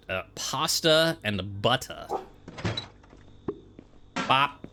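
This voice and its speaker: A man giving casual, rambling commentary while playing a game, full of joking asides. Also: fairly low pitch. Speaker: game player. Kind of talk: casual let's-play commentary. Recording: steady background noise.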